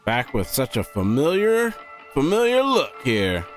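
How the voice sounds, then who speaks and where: Animated man hosting a music reaction. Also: medium pitch, measured pace. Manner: animated, often says "man". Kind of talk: casual reaction commentary.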